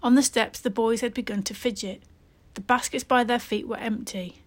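A woman narrating a children's story with steady, expressive reading. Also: fairly high pitch, normal speed.

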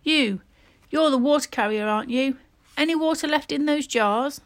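A woman voicing a rough, cheeky adult male digger who teases the boys. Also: sits high, normal speed, voice pushed up, natural voice. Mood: teasing. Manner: loud, teasing.

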